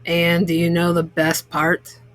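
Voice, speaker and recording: Woman reading as a proud baker man, gruff and very low, dry close sound. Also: completely flat delivery, a little slow, no echo, close to an everyday voice. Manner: deep gruff put-on voice. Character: proud adult male cookie baker.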